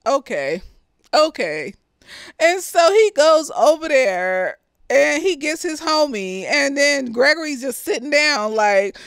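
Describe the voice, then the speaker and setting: A young woman, slightly tipsy, recapping a TV episode in animated, profane chat and laughing often. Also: high-pitched, dry recording, studio quality. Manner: animated, laughs often, acts out lines from the scenes. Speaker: TV episode reviewer.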